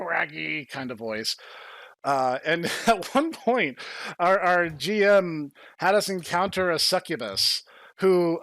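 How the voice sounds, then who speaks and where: Podcast host, male, fairly high voice, chatty storyteller with filler-laden asides, dry close-mic sound. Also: fairly bright tone, no echo. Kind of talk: casual podcast chat.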